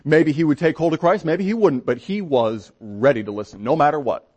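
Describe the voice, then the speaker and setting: A man's voice: on the high side, a little fast, darkish tone, husky, highs cut off. A Baptist pastor, a man, telling a story from the pulpit in a folksy, conversational way with frequent restarts. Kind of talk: storytelling sermon.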